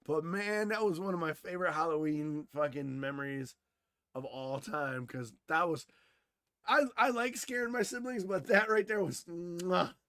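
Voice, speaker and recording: A man co-hosting a podcast, telling a story casually, animated and swearing freely, who grew up in Wisconsin. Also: on the high side, normal speed, no room sound, clean studio sound. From Wisconsin, USA. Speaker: podcast co-host.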